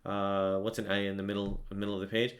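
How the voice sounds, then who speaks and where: In an online Quran recitation lesson, a man with a fairly low voice talks fast in a level tone. He explains things casually and with enthusiasm, keeps asking "right?", and breaks into melodic chanting to demonstrate.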